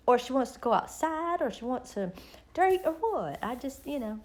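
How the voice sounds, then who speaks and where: A middle-aged woman talks with her viewers in a rambling, folksy way. Her voice sits a little on the high side. She drifts from one small story to the next as she hosts her live stream. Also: very animated, normal speed, a little mellow. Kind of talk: casual chat with viewers.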